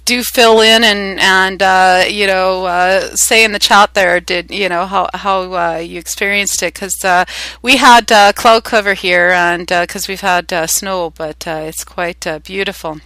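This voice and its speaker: A woman's voice: medium pitch, fairly even intonation, unhurried, pushed and bright, no room sound, poor audio. A woman with a Canadian accent hosting a spiritual talk, rambling with many filler sounds. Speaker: spiritual host.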